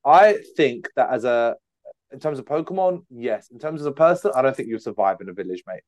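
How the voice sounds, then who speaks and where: A man's voice: mid-range voice, expressive, a little fast, a little mellow, no echo, studio quality. Jokey scottish man hosting a quiz. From Scotland. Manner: jokey, bursts into mocking impressions. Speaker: podcast host running a quiz. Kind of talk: casual chat.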